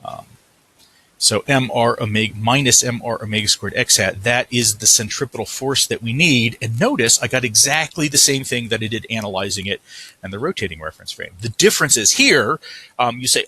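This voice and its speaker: A man's voice: medium pitch, a little fast, bright, forceful tone, slightly rough. A man giving a recorded physics lecture, working through a problem at the board, thinking aloud and correcting himself as he writes. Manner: thinking aloud, self-correcting while writing.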